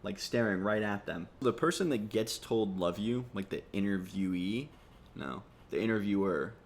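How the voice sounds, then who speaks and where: Low-voiced sarcastic young man. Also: expressive, normal speed, a little hiss or hum. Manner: sarcastic, rambling, swears freely. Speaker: comedy YouTuber. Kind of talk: casual comedic commentary.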